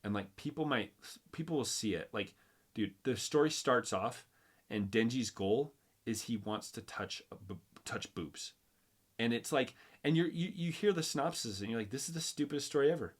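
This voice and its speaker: A man hosting a casual chat, retelling a story with animated energy, acting out quotes and often restarting his sentences. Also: mid-range voice, normal speed. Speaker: host.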